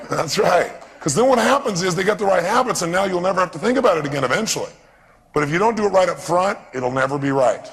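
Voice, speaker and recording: A man giving a live seminar talk in a large hall, lively and constantly quizzing the audience with questions. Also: high-pitched, a little fast, slight background noise. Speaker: seminar speaker. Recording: echoey hall with long reverb.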